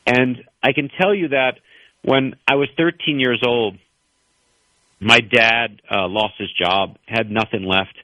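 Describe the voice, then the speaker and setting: A man from New York, an author guest on a radio talk show, telling personal stories in an earnest, animated way. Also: medium pitch, slow, no room sound, dull audio. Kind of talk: radio interview storytelling.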